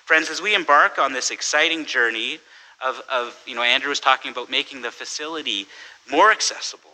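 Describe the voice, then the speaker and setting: A man with a very bright, forceful voice delivers a sermon in a relaxed, chatty manner. He repeats words, corrects himself mid-sentence and keeps asking the listeners "right?". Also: medium pitch, a little fast, poor audio. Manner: conversational, self-correcting, tells jokes with quoted voices. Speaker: pastor. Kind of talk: sermon with humorous story.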